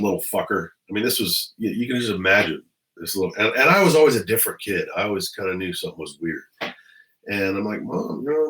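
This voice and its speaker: A man's voice: lowish voice, a bit bright, poor audio. A middle-aged man from the Los Angeles area, a former police officer, telling stories to the camera at home in a blunt, heavily profane way. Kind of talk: casual storytelling to camera. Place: at home indoors.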